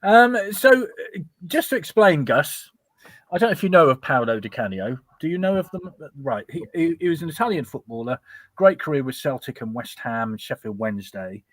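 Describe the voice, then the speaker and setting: A man's voice: fairly high pitch, lively intonation, moderate pace, no echo. A man hosting a casual fan talk show, chatty and reading out listener messages. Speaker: host.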